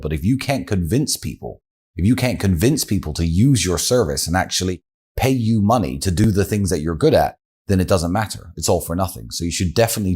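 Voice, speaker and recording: Deep-voiced man giving blunt life advice. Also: a little mellow, husky. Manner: blunt, coaching tone addressing the listener directly. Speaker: course presenter. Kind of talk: motivational advice talk.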